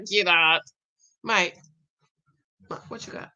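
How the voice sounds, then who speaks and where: A woman's voice: mid-range voice, pushed and bright, breathy edge, lo-fi sound. A tired woman hosting a casual live stream, chatting with viewers and reading their comments. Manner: chatty, laughs often, talks to viewers as "babes" and "y'all". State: tired, winding down for bed. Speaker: YouTube host reading live chat.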